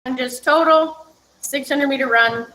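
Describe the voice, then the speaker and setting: A woman's voice: high-pitched, measured pace, bright, forceful tone, a little hiss or hum, poor audio. A woman fitness coach giving chatty, upbeat instructions during a live-streamed workout, laughing now and then between cues.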